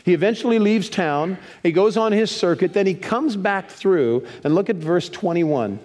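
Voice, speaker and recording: Animated preacher man in a reverberant hall. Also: high voice, normal speed. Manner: lively, leads the congregation in reading scripture aloud. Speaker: pastor. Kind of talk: sermon. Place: church sanctuary. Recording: long reverb of a church hall.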